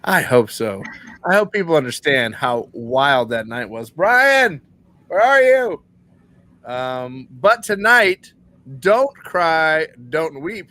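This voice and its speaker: A man's voice: on the high side, sing-song, takes it slowly, bright, forceful tone. A man hosting a live paranormal podcast stream, joking and playful. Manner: joking, playful, self-deprecating. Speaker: podcast host. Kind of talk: casual live-stream chat.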